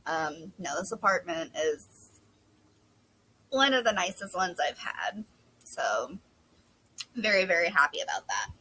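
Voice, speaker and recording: A young woman chatting casually and rambling on her front porch, a little hoarse from losing her voice. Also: fairly low pitch, big pitch swings, a little slow, long pauses, sharp tone, slight background noise, poor audio. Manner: chatty, rambling, self-deprecating. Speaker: book vlogger. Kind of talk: casual chat. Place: covered front porch outdoors. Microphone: phone camera.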